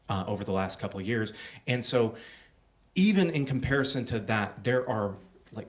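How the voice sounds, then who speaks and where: A young man tells a personal story live on a small theater stage. His voice sits at an ordinary middle pitch, and he speaks through a stage microphone. He keeps it loose and conversational, with plenty of "like" and "uh" along the way. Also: a bit bright. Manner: conversational, filler-heavy with many "like" and "uh".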